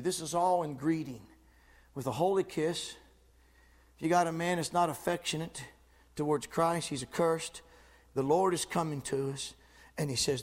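A man's voice: fairly high pitch, normal speed. A man preaching a sermon with fervent, emphatic repetition.

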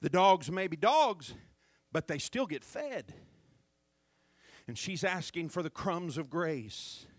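A man's voice: on the high side, very animated, takes it slowly, pauses often, no room sound. A man preaching a sermon as pastor, fervent and calling out to the congregation for responses.

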